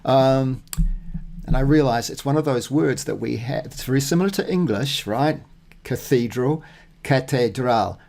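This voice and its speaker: A Spanish learner records himself casually working through his practice notes aloud, thinking out loud with many fillers and restarts. He reads phrases slowly and deliberately in a medium-pitched voice with vocal fry.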